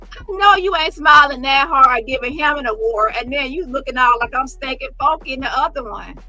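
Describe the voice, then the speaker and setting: High bright sassy woman commentator. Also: lively intonation, brisk, soft background music, poor audio. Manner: sassy, profane, mocking impressions. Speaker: commentary vlogger. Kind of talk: casual commentary on photos.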